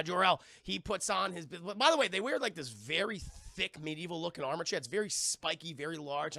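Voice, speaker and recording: A man's voice: fairly high pitch, creaky, pushed and bright, dry recording, clean studio sound. A young man casually recapping a film for his stream chat, rambling and swearing freely. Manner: profane, rambling, addresses chat often; mimics sounds and thanks viewers. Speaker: streamer reviewing films.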